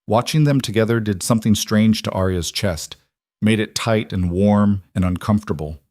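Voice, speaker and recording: A man narrating a romance audiobook in a steady storytelling manner. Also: on the low side, moderate pace, no room sound, clean studio sound.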